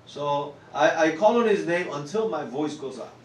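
A pastor with a Korean accent preaches a sermon, earnest and repetitive, his fairly high voice swelling into loud exclamations. The sound is roomy and caught from a distance in the hall. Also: animated, normal speed, a little hiss or hum.

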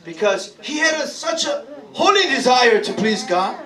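A man's voice: extremely high pitch, very animated, normal speed, sharp tone. A man preaching to a congregation in an interactive sermon, teasing and laughing as he calls on people to answer. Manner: playful, teasing, laughs often, calls for responses. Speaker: pastor leading Bible study. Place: church hall with congregation. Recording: echoey room, from far off, crowd.

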